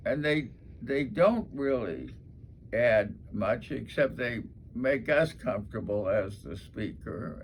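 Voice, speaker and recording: A man teaching voice and speaking skills in a measured, unhurried way, pausing often and saying "uh" between phrases. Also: mid-range voice, gravelly, a little hiss or hum. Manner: slow, measured, with long pauses and filler uhs. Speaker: speech coach. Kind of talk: casual teaching talk.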